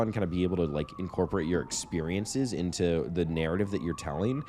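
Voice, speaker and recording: Brief: male podcast co-host, very low voice, loose and profane storyteller. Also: quick pace, warm tone, slight background noise. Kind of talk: casual chat.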